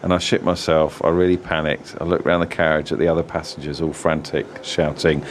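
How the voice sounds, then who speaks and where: A man's voice: very deep voice, flat delivery, fairly quick, a little hiss or hum. A man co-hosting a podcast, reading listener stories aloud with dry, sweary delivery. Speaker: podcast co-host.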